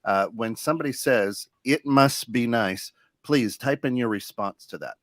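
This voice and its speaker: A man's voice: medium pitch, unhurried, no room sound, clean studio sound. A man co-hosting a casual live talk show, laughing often, stammering, and reading out viewer comments. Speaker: co-host.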